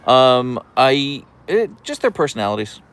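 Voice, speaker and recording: A man's voice: medium pitch, sing-song, a little slow, fairly bright tone, clear, resonant tone. A man hosting a casual livestream from an outdoor deck, chatting and answering viewer comments into a camera on a tripod. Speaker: livestream host.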